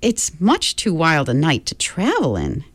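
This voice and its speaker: A woman reading aloud and voicing a calm, worried mother who speaks in a quiet, measured way. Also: sits low, slightly rough, dry recording, full character voice. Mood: concerned.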